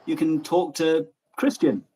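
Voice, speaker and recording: Gobby, joking man with a husky voice. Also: on the high side, a little slow, poor audio. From Germany. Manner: animated, joking, gobby and swears freely. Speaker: livestream host. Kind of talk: casual chat.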